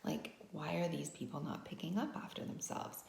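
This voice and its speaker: A woman's voice: low-pitched, moderate pace, creaky, darkish tone, roomy sound. A woman vlogger telling a personal story as a lesson, talking conversationally with frequent "right?" asides. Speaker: wellness vlogger.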